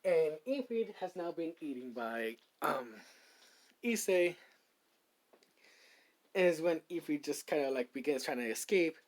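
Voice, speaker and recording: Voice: mid-range voice, expressive, a little slow, pauses often, rough recording. A fan story narrator improvising a story aloud, rambling with many fillers. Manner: rambling, many likes and ums.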